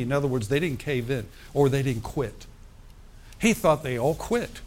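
A man's voice: mid-range voice, expressive, normal speed. A man preaching, reading scripture aloud and breaking off to comment in a conversational way. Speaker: pastor. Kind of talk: sermon.

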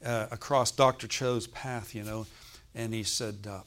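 A man's voice: fairly low pitch, steady tone, a little slow. Joking conversational preacher, man. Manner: joking, conversational, laughs often; builds to loud exhortation. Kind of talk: sermon.

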